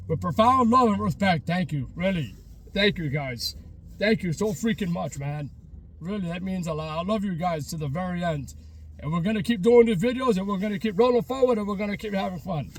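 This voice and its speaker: A man with a New York accent talks to his camera, heartfelt and near tears, repeating his thanks again and again. His voice sits fairly high for a man and has a husky, breathy edge. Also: fairly bright tone. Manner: emotional, repetitive, on the verge of tears. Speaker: vlogger exploring abandoned places. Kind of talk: heartfelt thank-you to viewers. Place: outdoors by an abandoned restaurant.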